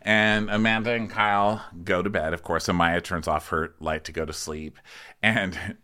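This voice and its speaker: Bright-toned man recapping reality TV. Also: steady tone, normal speed, clean tone. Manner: campy, acts out quotes in mocking high voices. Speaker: podcast co-host. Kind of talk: comedic recap chat.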